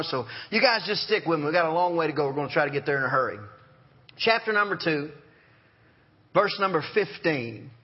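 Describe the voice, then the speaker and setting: A man preaching a sermon in a folksy, storytelling way, joking and acting out sounds. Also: sits high. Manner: folksy storytelling with jokes and animal voices. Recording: dull lo-fi sermon recording.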